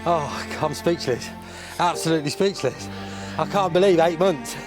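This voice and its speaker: Man from England, exuberant, laughing, slightly high voice, loud music behind. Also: normal speed. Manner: exuberant, laughs often, breaks into sing-song cheers. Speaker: angler, show regular. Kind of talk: excited casual chat on camera. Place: outdoors at a lakeside.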